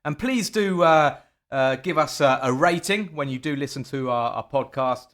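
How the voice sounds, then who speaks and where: A man's voice: mid-range voice, lively intonation, moderate pace, fairly bright tone. Chatty man hosting a podcast. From England. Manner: chatty, with frequent fillers and restarts. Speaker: podcast host. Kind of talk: casual football podcast chat.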